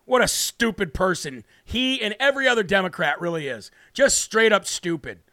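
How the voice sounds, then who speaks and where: Brash high-voiced male political host. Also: very animated, moderate pace, pushed and bright, no echo, clean studio sound. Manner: brash, combative, mocking. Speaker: political talk show host. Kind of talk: live political commentary. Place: home studio.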